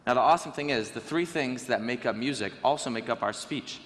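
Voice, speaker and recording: Bright-voiced teenage boy in a hall. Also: mid-range voice, a little fast. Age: teens. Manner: lively, joking, conversational. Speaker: student speaker. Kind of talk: stage talk to an audience. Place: school auditorium. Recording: reverberant hall with faint ambience.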